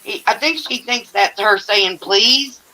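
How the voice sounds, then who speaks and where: A man's voice: high-pitched, unhurried, bright, forceful tone, low-quality recording. An older man hosting a casual livestream from home, telling stories bluntly with swearing and laughter. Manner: blunt, profane storytelling with laughter. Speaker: livestream host. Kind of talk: casual chat.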